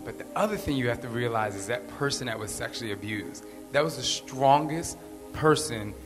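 A man speaking at an ordinary pitch, earnest and rambling as he offers candid encouragement. His voice rings with a long hall reverb, and clear music plays underneath. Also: expressive, a little fast. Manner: earnest, rambling, repeats phrases for emphasis. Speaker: podcast host. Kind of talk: candid motivational talk.

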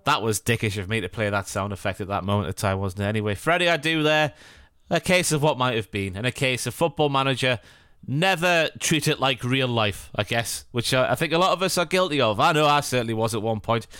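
A man's voice: medium pitch, brisk, bright, forceful tone, clear, resonant tone, no room sound, studio quality. A young adult man co-hosting a podcast in casual, jokey, self-deprecating banter. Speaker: podcast co-host. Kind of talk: casual chat.

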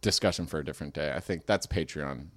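A man's voice: extremely low pitch, fast. A young man, a comedian and podcast host, telling a rambling, self-mocking story in casual chat.

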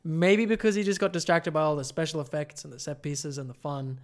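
A man's voice: on the high side, steady tone, fairly quick. A man co-hosting a podcast, musing and rambling in casual chat. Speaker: podcast co-host.

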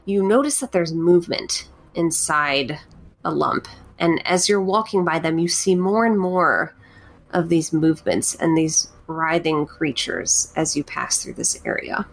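Slow, hesitant woman running a tabletop game. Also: on the low side. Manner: hesitant, many fillers. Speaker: game master.

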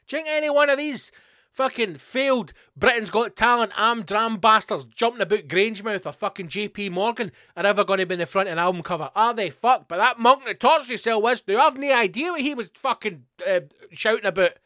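A man's voice: high-pitched, a little fast, bright, forceful tone, dry recording, clean studio sound. A middle-aged Scottish man hosting a podcast, delivering a profane, angry ranting monologue. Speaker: podcast host.

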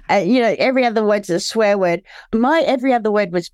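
An Australian woman telling her story candidly as an interview guest, halting and searching for words, often restarting. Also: medium pitch, darkish tone, smooth, no room sound.

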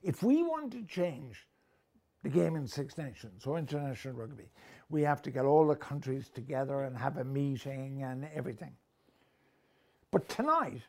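Emphatic older man, gravelly. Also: a little high. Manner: emphatic, rhetorical, opinionated. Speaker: rugby pundit. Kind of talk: casual sports discussion.

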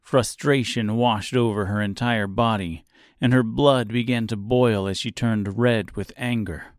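A man reads an audiobook in a slow, measured way, his voice sitting low. The recording is close and dry, with no room echo at all. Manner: measured, even storytelling. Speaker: audiobook narrator. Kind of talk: scripted audiobook narration.

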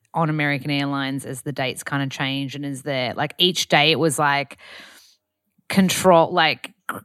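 A woman's voice: sits low, a bit bright, clean tone, dry recording, studio quality. A woman from Australia hosting a podcast, chatting casually and animatedly with lots of filler words. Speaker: podcast host.

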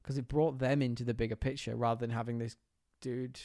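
A man co-hosting a casual film chat, talking in quick bursts with restarts and animated quoting. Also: mid-range voice. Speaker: podcast co-host.

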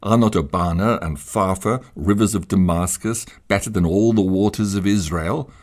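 A man reading Bible verses aloud in a measured, formal way. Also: low voice, darkish tone. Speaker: scripture reader.

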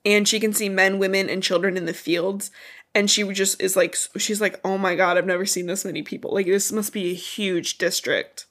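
A woman's voice: medium pitch, fairly even intonation, a little fast, fairly bright tone. A congested woman with a stuffy nose, co-hosting a podcast and loosely recapping a book in casual chat, swearing as she goes. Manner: chatty, loose retelling with swearing and asides. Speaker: podcast co-host.

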